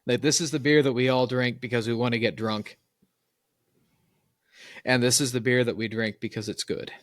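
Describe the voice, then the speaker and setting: A man's voice: medium pitch, steady tone, moderate pace, no echo, studio quality. A man co-hosting a podcast in casual chat, an opinionated storyteller who laughs at his own tales. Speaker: podcast co-host.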